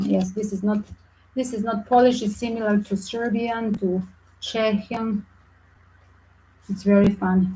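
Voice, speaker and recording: A woman with reading tarot cards for viewers, chatty and animated, with small slips in her phrasing. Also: mid-range voice, low-quality recording. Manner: chatty, animated, non-native English with slips. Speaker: tarot reader.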